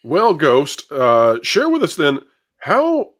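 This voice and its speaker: Lively man hosting a panel chat. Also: on the high side, slow. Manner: animated, laughs often, repeats words when starting. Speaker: podcast host.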